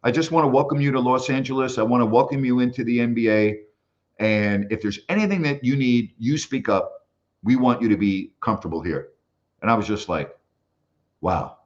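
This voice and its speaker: An older former basketball broadcaster speaks at a normal pace, his voice on the low side, as he tells animated stories in a casual interview and imitates the people he quotes. The highs are cut off.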